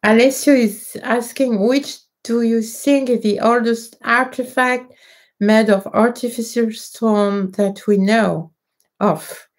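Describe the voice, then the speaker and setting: Slow-talking woman with a French accent. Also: on the high side, fairly even intonation. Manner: hesitant, many fillers and restarts, nonnative phrasing. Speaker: livestream host answering viewer questions. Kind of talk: casual live Q&A.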